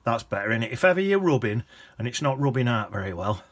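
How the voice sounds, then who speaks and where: Here the watercolour teacher has a mid-range, sing-song voice and talks fast. He keeps things chatty and casual, though he slips into soft whispers and hums as he works on his painting.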